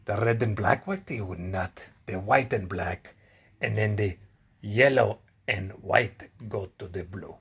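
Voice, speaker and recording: A man demonstrating a home repair in casual, halting broken English, restarting and repeating himself often. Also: on the low side, creaky, fairly bright tone.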